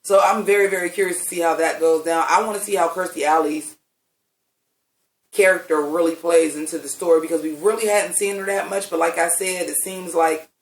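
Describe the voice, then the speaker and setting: Man reviewing a TV episode in a roomy space. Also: a little high. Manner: animated, profane, chatty with laughs. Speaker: TV recap vlogger. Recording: roomy sound from a distant mic.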